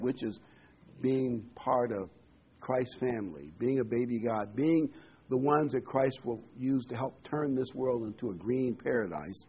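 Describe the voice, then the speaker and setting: A man preaching a sermon, animated and repeating key words for emphasis, heard on a dull lo-fi recording. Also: mid-range voice, unhurried, breathy edge.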